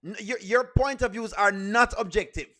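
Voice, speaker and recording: A man commenting on a comedy skit in a reaction video. His voice sits high and sounds bright and forceful. He scolds emphatically and repeats himself for effect. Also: moderate pace.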